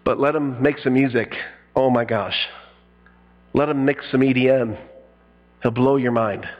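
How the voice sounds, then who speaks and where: A middle-aged man preaching a sermon in an animated style, acting out quotes and breaking into sudden loud bursts. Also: medium pitch, a little slow, lo-fi sound. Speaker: pastor.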